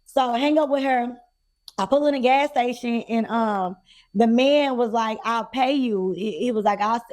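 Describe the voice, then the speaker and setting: High animated woman telling a story. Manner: animated, acts out quoted people. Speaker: podcast co-host. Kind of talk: casual storytelling chat.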